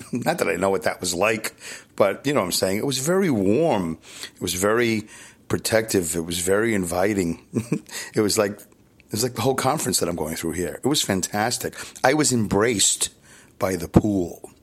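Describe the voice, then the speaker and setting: A man's voice: on the low side, lively intonation, normal speed, breathy edge. Chatty Brooklyn man rambling. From New York. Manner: rambling, self-deprecating, chatty with frequent restarts. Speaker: podcast host. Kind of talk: casual solo podcast monologue. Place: hotel room.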